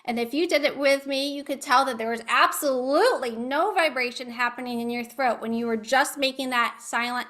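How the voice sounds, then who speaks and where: A woman with a high, bright, sharp-edged voice gives an online talk as a speech therapist. She speaks over a video call and walks her listeners step by step through exercises. She stays patient and instructive throughout. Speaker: speech-language pathologist. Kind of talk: online educational presentation.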